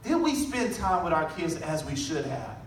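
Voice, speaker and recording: A man giving a motivational talk, telling a story with lively delivery and acting out the people in it. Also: fairly high pitch, normal speed, very echoey, recorded from a distance, a little hiss or hum, poor audio. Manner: animated storytelling, acting out voices. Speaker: motivational speaker.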